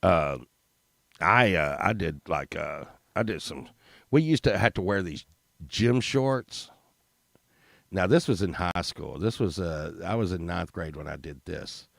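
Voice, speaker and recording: Middle-aged man, comic storyteller, crude and rambling, gravelly voice, slow unhurried delivery, dry close sound. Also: deep voice, no room sound. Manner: animated, crude, rambling with fillers.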